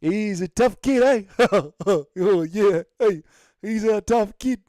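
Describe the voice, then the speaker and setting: A man putting on a New Zealand accent to impersonate a tough, cheeky fighter, loud and drawn-out. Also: no echo, clean studio sound. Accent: New Zealand (imitated). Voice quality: loud, high, drawn-out and hooting.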